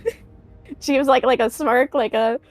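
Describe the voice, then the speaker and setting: A woman's voice: high-pitched, steady tone, measured pace, no room sound, soft background music. A woman playing in a tabletop role-playing game, giggling and hesitant as she describes her character. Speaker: player. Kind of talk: tabletop role-play, casual chat.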